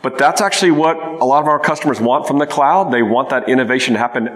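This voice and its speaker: A man answering questions on a conference panel, energetic and talkative. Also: medium pitch, quick pace. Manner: energetic, talkative, laughs often. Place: conference hall. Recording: reverberant conference hall.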